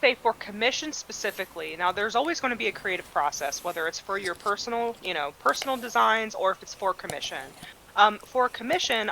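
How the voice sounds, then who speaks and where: Female guest, bright clear tone, relaxed, thoughtful and self-deprecating. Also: mid-range voice, a little hiss or hum, low-quality recording. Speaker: guest designer. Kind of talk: casual interview chat.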